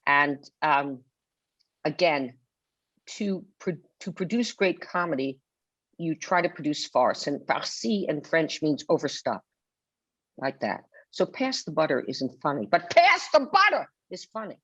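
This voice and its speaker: Older woman guest on a webinar, low voice, vivid theatrical storyteller, dull dry video-call sound. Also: expressive, a little slow, breathy edge, dry recording. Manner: theatrical storyteller who acts out quotes. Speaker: guest author. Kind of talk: webinar conversation.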